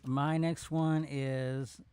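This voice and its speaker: A man's voice: mid-range voice, level tone, drawn-out words, warm tone, clean tone, no echo. A man co-hosting a casual podcast chat, chiming in with short, easygoing remarks. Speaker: podcast co-host.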